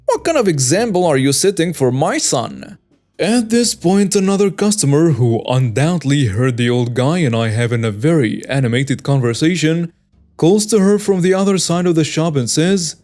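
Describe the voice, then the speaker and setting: A man narrating online stories in a plain, steady reading voice. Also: on the high side, moderate pace, soft background music. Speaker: story narrator.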